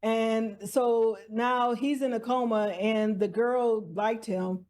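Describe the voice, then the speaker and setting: A woman's voice: fairly high pitch, steady tone, slow, a little mellow. A woman vlogger casually recapping TV dramas, chatty, laughing often and restarting her sentences.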